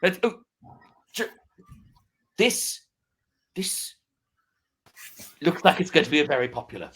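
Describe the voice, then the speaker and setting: A man's voice: a little high, very animated, unhurried, fairly bright tone, rough recording. A man hosting a comic online auction, bumbling and hesitant with many fillers but playful. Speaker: comedy auctioneer host.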